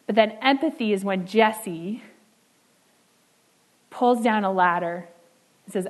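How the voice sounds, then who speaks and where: Preaching a sermon earnestly, a woman with a mid-range voice slows down and goes soft on key words. The audio quality is poor.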